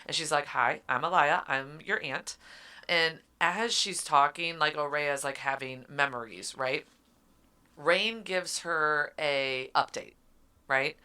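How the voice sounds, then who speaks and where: A woman's voice: sits low, slow pace, sharp tone, clean tone. A woman co-hosting a book podcast, casually retelling a story and acting out the characters' lines. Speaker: podcast co-host. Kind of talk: casual book recap chat.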